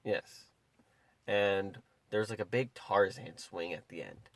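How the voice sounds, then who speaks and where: Young man, podcast co-host, lowish voice, rambling casual storytelling, lots of fillers, dry recording. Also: slow pace, no echo. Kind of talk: casual chat.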